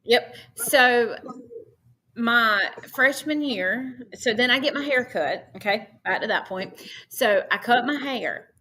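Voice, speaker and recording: A woman, a podcast guest telling personal stories in a casual, animated way and acting out her own past dialogue. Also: on the high side, slow pace, a little hiss or hum. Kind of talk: casual storytelling.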